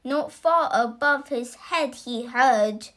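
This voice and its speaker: A woman reading a rhyming story aloud in an animated, expressive way. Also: high-pitched, slow pace.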